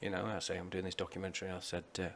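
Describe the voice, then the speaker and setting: A man's voice: low-pitched, completely flat delivery, rapid-fire, vocal fry, a little hiss or hum. A man co-hosting a podcast, chatting casually and teasing his friend dryly. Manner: teasing, dry ribbing. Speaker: podcast co-host and documentary maker. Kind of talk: casual chat.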